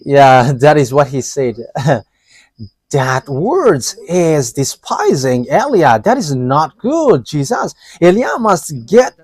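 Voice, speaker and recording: A man preaching a live sermon, talking in short, halting, broken phrases. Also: on the high side, big pitch swings, darkish tone, slightly rough, no room sound.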